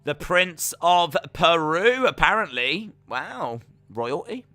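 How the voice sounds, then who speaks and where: A young man hosting a live watch-along, commentating on fights and reading chat messages aloud, getting loud and excitable. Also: on the high side, takes it slowly. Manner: excitable, shouting at big moments, reads chat aloud. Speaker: live stream host reacting to fights.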